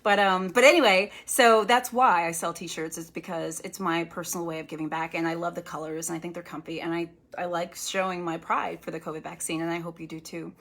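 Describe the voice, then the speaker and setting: A woman's voice: lowish voice, fairly even intonation, fairly quick, few pauses. Earnest woman doctor on a livestream. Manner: earnest and warmly encouraging, turns stern at times. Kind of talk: casual livestream chat.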